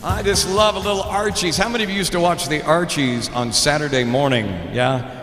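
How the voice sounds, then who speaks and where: A man's voice: a little high, steady tone, brisk, fairly bright tone, in a large hall, faint music behind. A middle-aged man with an Oklahoma accent, hosting a live show in casual chat, laughing often as he reads out trivia.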